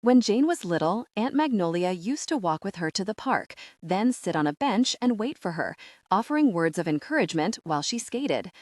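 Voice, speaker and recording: With expressive storytelling, this woman reads a scripted audiobook narration in a mid-range voice at normal speed, captured in a dry, studio-quality recording.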